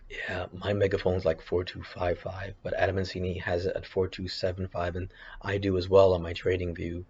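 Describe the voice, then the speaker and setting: An options trader streams his chart analysis, thinking out loud in a low, monotone, slightly mellow voice at normal speed. He's hesitant and rambling, constantly restarting and correcting himself. The audio is dull with a bit of background noise.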